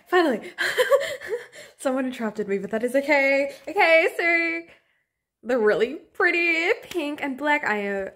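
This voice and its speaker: Gushing young woman unboxing with squeals. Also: high voice. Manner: gushing, gasping, squealing with excitement; breathy half-whispered squeals to keep quiet. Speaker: K-pop album unboxing vlogger. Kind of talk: excited unboxing chat.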